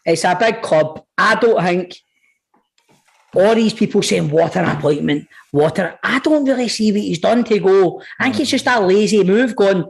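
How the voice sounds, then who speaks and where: A man's voice: high voice, normal speed. A Scottish man co-hosting a podcast, swearing and laughing through casual banter. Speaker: podcast co-host. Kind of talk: casual chat.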